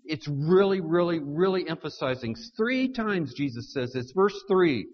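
A man preaching a sermon, pressing his points by repeating words and swinging from hushed, low lines to loud, raised ones. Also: animated, a little slow, few pauses. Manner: emphatic, repeats words for stress. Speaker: pastor. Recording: dull lo-fi recording.

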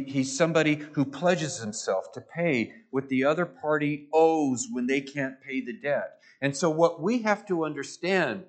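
A man preaching a sermon, emphatic, swelling and dropping his voice and repeating phrases for stress. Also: fairly high pitch. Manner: emphatic, rising and falling for stress.

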